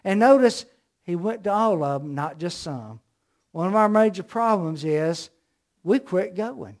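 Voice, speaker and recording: Southern male preacher, middle-aged, high tenor, punches key words, tells stories from the pulpit. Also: animated, normal speed. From American South. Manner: emphatic, storytelling preacher with rising emphasis. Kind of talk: sermon.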